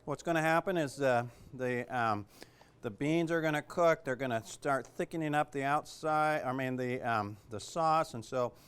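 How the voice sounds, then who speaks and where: A man's voice: mid-range voice, normal speed, fairly bright tone, smooth. A man teaching a cooking class in a kitchen, chatty and joking, with lots of fillers. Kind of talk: casual cooking demonstration.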